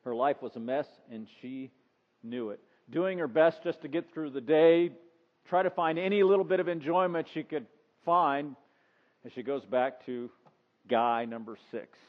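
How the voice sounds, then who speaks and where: A man preaching a sermon in a conversational way, acting out the story in voices. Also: on the high side. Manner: conversational, acts out the scene in voices. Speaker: pastor. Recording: dull sound with long reverb.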